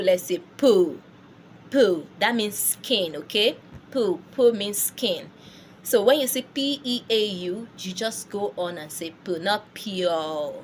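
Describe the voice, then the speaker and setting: Woman language teacher, slow unhurried delivery, patient repeat-after-me drills, faint hum behind. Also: mid-range voice. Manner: patient, repeats words for learners to echo. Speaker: French teacher. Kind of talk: language lesson.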